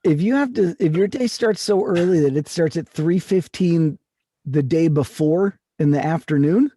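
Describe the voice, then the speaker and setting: A man's voice: on the high side, normal speed, mellow. A man co-hosting a comedy podcast, arguing his point and teasing his partner. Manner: teasing, argumentative. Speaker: podcast co-host.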